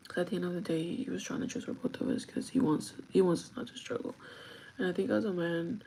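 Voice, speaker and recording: Sleepy woman rambling through a story on a live stream, gravelly edge to her voice, noisy background hiss. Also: fairly low pitch, fairly even intonation, fast, mellow. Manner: emotional, rambling, quoting her partner. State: sleep deprived. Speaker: livestreamer. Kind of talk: casual livestream storytelling. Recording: noisy livestream audio.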